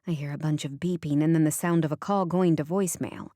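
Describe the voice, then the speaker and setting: A woman reads a first-person romance audiobook in a wry, conversational way. Her voice sits low for a woman. The recording is dry and close, made on a studio microphone. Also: normal speed, darkish tone, dry recording. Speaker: audiobook narrator.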